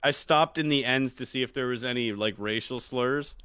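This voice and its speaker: A man co-hosting a podcast in crude casual chat, blunt and profane with deadpan jokes. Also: mid-range voice, moderate pace, clean tone, no room sound. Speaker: podcast co-host.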